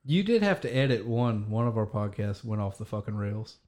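A man's voice: lowish voice, big pitch swings, fairly quick, darkish tone. A man guesting on a podcast, joking crudely in casual chat.

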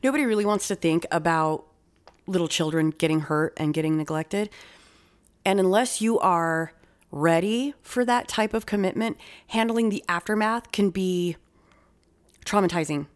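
A woman hosting a true-crime podcast, talking casually with frequent swearing and quick bursts of speech. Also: fairly low pitch. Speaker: podcast host.

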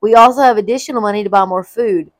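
A woman reads the lines of a band of frightened brothers, anxious and eager to explain themselves. The storybook voice sits at a middle pitch, recorded close and dry. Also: fast talker, no room sound, close to an everyday voice, poor audio. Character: group of frightened grown brothers.

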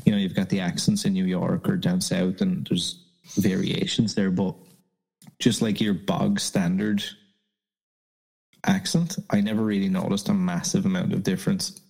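A man with a fairly low voice talks casually on a podcast. He rambles and restarts his sentences, and he throws in crude jokes. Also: flat delivery, normal speed, creaky, darkish tone, husky, low-quality recording. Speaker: podcast co-host. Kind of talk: casual chat.

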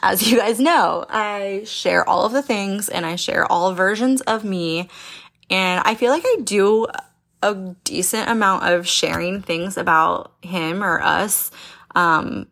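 A young woman hosts her own podcast in loose, candid chat. Her voice has a gravelly fry and she takes her time, lacing her talk with swearing and constant "like" fillers. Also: mid-range voice, slow, a bit bright. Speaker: podcast host. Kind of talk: casual chat.

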